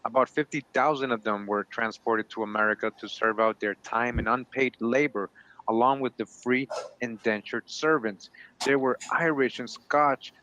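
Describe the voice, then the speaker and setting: A man's voice: medium pitch, fairly even intonation, normal speed, pushed and bright, a little hiss or hum. A man reading passages and full citations from history sources aloud, adding short comments as a show co-host. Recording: dull, lo-fi sound.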